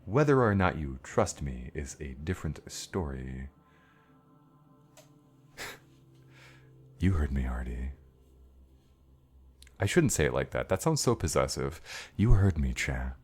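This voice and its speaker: A man's voice: extremely low pitch, big pitch swings, a little slow, long pauses, husky, faint music behind. A man streaming live, chatting playfully with his viewers and teasing himself. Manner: playful, joking, self-teasing. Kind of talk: casual live-stream chat.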